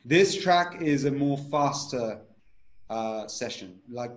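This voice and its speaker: A man explaining a breathing method step by step, at a medium pitch. He repeats points and keeps asking "right?". The room around him is echoey. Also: animated, takes it slowly. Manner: instructive, repeats himself, checks with "right?". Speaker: breathwork teacher, guest. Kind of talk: explaining a technique in an interview.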